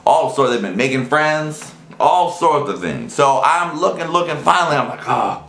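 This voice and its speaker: Man, storytelling vlog host, lively swooping pitch, echoey room, faint hiss. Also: moderate pace. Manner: animated, acts out quoted voices. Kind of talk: casual storytelling chat.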